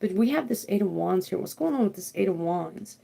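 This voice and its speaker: A young woman doing a live tarot card reading, talking in a rambling, excitable way, often throwing in "freaking" and checking in with "okay?". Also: mid-range voice, fairly quick, creaky, husky. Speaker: tarot reader.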